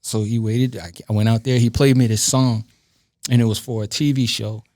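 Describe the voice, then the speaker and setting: On a relaxed podcast, a guest DJ and producer hailing from Brooklyn, New York animatedly tells anecdotes, acting out quoted lines and swearing frequently. He has a mid-range voice at a moderate pace, captured in dry, studio-quality audio.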